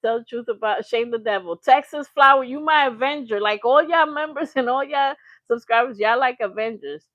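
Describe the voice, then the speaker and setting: A woman hosting a live reaction stream, speaking with emphasis and shouting out her viewers by name. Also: fairly high pitch, normal speed, no echo, highs cut off. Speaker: livestream host.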